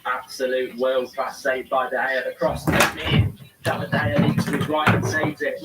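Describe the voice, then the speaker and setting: A man's voice: mid-range voice, little pitch movement, normal speed, far from the mic, very noisy. A man hosting a live football watchalong, reading viewer comments aloud and answering them in casual chat.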